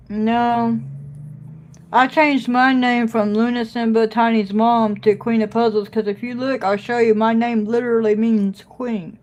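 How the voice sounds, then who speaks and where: A woman's voice: on the high side, level tone, measured pace, a little mellow, a little hiss or hum. A woman chatting casually on a phone livestream at home, talking to viewers and scolding her dog in between. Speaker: puzzle live streamer.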